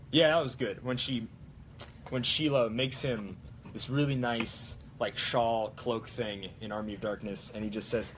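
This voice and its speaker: A man's voice: mid-range voice, steady tone, a little slow, slight background noise. A young man hosting a prop-building live stream, chatting casually and rambling with plenty of fillers. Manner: rambling, lots of fillers and restarts.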